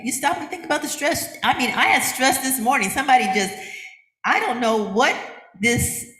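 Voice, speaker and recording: An older woman minister preaching in a loose, conversational way, slipping into little acted-out voices of other people and laughing along with her congregation. Her voice rings out through a roomy church with noticeable echo. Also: sits high. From United States. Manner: chatty and animated, acting out quotes with laughter. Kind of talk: conversational sermon. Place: church sanctuary.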